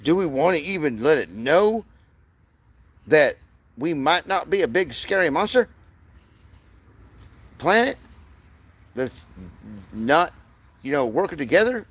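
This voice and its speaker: A man's voice: fairly high pitch, big pitch swings, slow, long pauses, a bit bright, slightly rough, dry recording. A man delivering a rambling, profane monologue as the channel's host, often restarting his sentences.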